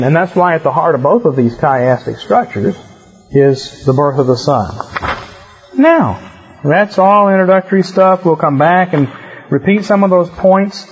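A man teaching a Bible class in an explanatory, conversational way, in a muffled lo-fi recording. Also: on the high side.

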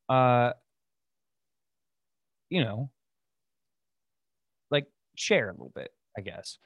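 A man's voice: medium pitch, animated, extremely slow, gravelly, pauses often, no room sound. A man hosting a casual solo podcast, rambling through stories with lots of fillers and restarts. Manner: rambling, filler-heavy, loose storytelling. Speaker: podcast host.

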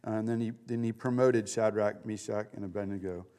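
A man leading a Bible study, teaching in a casual, animated way with many fillers. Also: on the low side, a little fast, in a large hall.

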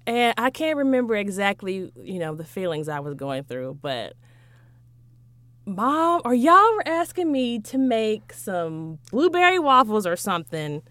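A woman's voice: medium pitch, very animated, measured pace, a bit bright, no room sound. A young woman co-hosting a casual chat, telling a story with lots of laughter and acting out her own outbursts. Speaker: podcast co-host.

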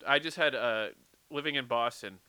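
A man from San Diego co-hosting a casual chat, easygoing and chiming in with quick asides. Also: mid-range voice, pushed and bright, clean tone, no echo, low-quality recording. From San Diego, United States. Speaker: podcast co-host.

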